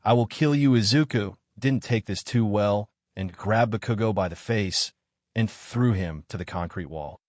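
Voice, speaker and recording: Low-voiced man reading fan fiction. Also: a little mellow, dry recording, studio quality. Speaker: narrator. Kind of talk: fan fiction read-aloud.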